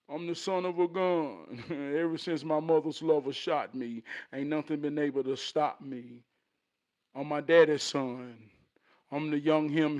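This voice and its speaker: A man giving a casual motivational talk in an animated, preachy way, with streetwise slang. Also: a little high.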